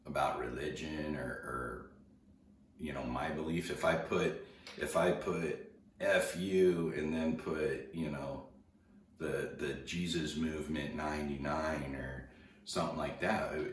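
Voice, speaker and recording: A man's voice: extremely low pitch, a little hiss or hum. A man telling a personal story in a rambling, conversational way, acting out the dialogue as he goes. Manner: rambling, conversational, with repeated restarts and quoted dialogue. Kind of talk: casual storytelling. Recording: echoey room heard from a distance.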